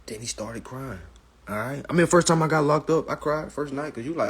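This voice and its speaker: A man's voice: a little high, fairly quick, slightly rough. A man hosting a live stream, telling stories and giving advice in a casual, profane manner, often calling his viewers family. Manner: animated, profane storytelling, addresses viewers as family.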